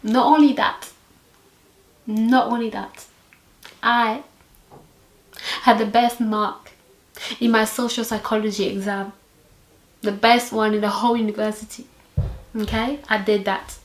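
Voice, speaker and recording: A young woman, telling a story vlog in an animated, sassy way. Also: fairly high pitch, a little slow, long pauses, echoey room. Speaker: vlogger.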